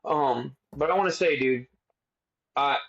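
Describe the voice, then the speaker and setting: A young man co-hosting a podcast, telling stories in a casual, animated way and swearing freely. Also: mid-range voice, measured pace, creaky. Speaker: podcast co-host. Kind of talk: casual chat. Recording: dull lo-fi sound.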